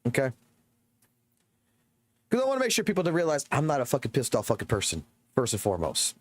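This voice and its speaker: A man, a game streamer ranting excitedly and swearing heavily to his live chat. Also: mid-range voice, quick pace. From Southern United States. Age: 30s.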